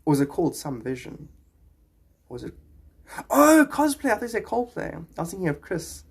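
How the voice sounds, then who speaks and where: A man's voice: high voice, wildly swooping pitch, brisk, gravelly, breathy edge. A man chatting on a live stream, reading viewers' comments and rambling into spiritual musings.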